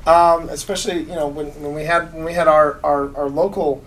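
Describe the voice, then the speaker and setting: A man's voice: a little high, steady tone, a little fast. Laughing man in a noisy room. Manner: laughing, stumbling restarts. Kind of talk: casual chat on a recorded panel.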